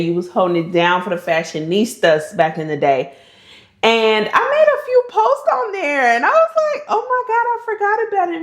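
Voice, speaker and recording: Chatty woman in an echoey room. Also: on the low side. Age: 30s. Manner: chatty, animated, laughs often. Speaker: lifestyle vlogger. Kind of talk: casual get-to-know-me chat.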